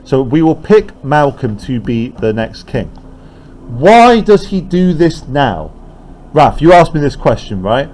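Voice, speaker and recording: A man's voice: fairly high pitch, very animated, measured pace, a little mellow. A man teaching a class, explaining lines of a play and often checking in with "right?".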